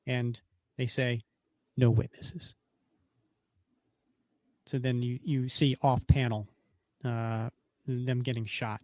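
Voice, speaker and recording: A man's voice: mid-range voice, little pitch movement, takes it slowly, a little mellow, no room sound. A man co-hosting a podcast, casually recapping a comic book page by page and briefly acting out the characters' lines. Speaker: podcast co-host.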